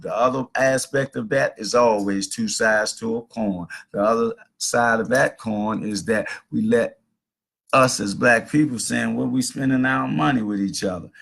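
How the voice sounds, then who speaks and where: Gravelly, husky middle-aged male host. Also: mid-range voice, fairly bright tone. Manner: rambling, preachy storytelling. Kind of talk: casual livestream monologue. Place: at home.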